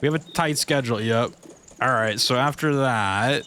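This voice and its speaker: A man's voice: medium pitch, normal speed, pushed and bright. A man streaming a video game live and chatting casually, in a laid-back, slangy way, calling out "dude" all the time. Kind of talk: live gameplay commentary.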